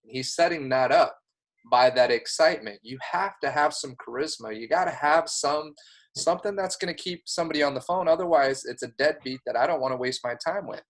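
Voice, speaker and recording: A man's voice: fairly high pitch, a little fast. Earnest man giving sales coaching. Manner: earnest, emphatic, encouraging. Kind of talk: coaching talk.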